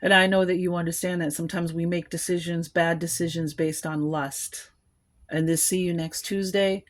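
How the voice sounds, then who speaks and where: A woman's voice: fairly low pitch, little pitch movement, moderate pace. A woman giving a collective tarot reading, musing aloud and rambling, with small laughs between thoughts. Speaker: tarot card reader.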